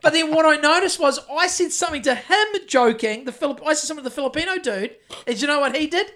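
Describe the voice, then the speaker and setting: A man's voice: very high voice, animated, quick pace, pushed and bright. Rambling sweary New Zealand guy. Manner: rambling and sweary, full of restarts. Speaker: podcast co-host, house painter. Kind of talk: casual chat.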